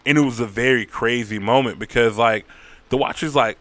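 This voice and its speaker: A man casually recapping a story in a rambling, profane, animated way. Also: mid-range voice, brisk, no room sound.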